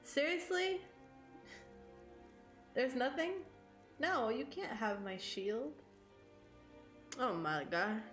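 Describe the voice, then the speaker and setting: A woman's voice: on the high side, very animated, slow, pauses often, a bit bright. A woman with a scratchy throat chatting casually and swearing now and then while she streams a game, laughing often. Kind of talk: casual live-stream chat while playing. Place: home streaming setup. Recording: roomy echo with game music behind.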